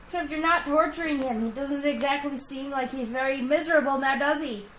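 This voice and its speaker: A woman's voice: high-pitched, a little fast, a bit bright, roomy sound, slight background noise, rough recording. A woman playing a tabletop role-playing game, talking bluntly and irreverently. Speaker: player.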